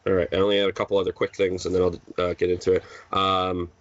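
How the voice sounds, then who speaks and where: A man's voice: low-pitched, completely flat delivery, quick pace, no echo. Rambling man on a lo-fi podcast. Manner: rambling, full of fillers and restarts. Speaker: podcast co-host. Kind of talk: casual chat. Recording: dull lo-fi sound, dry.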